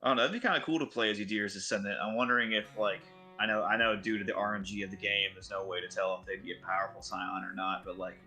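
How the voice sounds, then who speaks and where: A man's voice: lowish voice, steady tone, quick pace, few pauses, sharp tone, faint music behind. A man chatting casually as a tabletop game player, rambling with lots of fillers and swearing. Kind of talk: casual chat.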